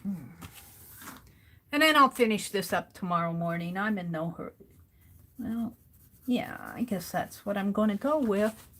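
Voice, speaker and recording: Slow, soft-spoken woman host. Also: medium pitch, animated. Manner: soft-spoken, muses aloud to herself. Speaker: livestream host and artist. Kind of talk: casual chat while drawing.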